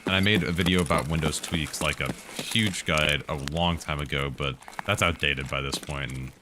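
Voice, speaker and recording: A man with an extremely low voice talks casually over his gameplay, answering viewers' tech questions as he plays. Clear background noise and clicking sounds run behind his voice the whole time. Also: normal speed. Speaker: game streamer answering chat. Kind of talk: casual live-stream commentary.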